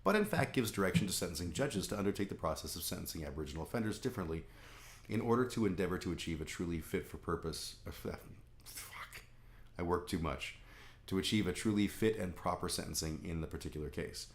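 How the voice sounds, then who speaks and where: A man's voice: low-pitched, animated, a little fast, echoey room. A man from Canada talking candidly in a rambling, casual monologue, swearing freely. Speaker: vlog host.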